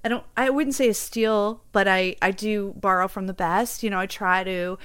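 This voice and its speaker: A young adult woman performer talking in a casual conversation, rambling, animated and self-deprecating, laughing often. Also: mid-range voice, moderate pace, clean tone. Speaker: guest performer and musician.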